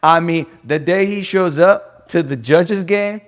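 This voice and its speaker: This is a man with a somewhat high voice on a casual podcast. He talks in an animated, profane way and laughs often. He comes across as a lawyer at ease with his co-host. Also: unhurried.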